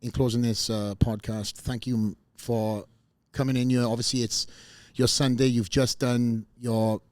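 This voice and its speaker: A man's voice: mid-range voice, flat delivery, unhurried, dry recording. A man hosting a podcast, joking around and rambling with lots of fillers before thanking his guest. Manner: joking, rambling, warm sign-offs with fillers. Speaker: podcast host. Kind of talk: casual podcast chat.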